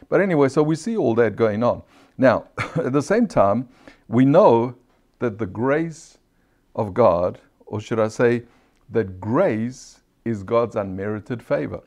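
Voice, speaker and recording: A man's voice: mid-range voice, animated, slow pace, darkish tone. A man giving a casual sermon-style teaching, earnest and conversational, often asking rhetorical questions and laughing lightly. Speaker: Bible teacher.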